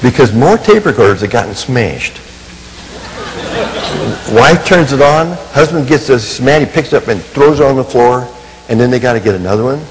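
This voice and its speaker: Man, minister, storytelling sermon, animated, pokes fun at himself, lively pitch, reverberant hall. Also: normal speed, slight background noise. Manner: animated, self-mocking humor, acts out quotes. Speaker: Christian minister and family counselor.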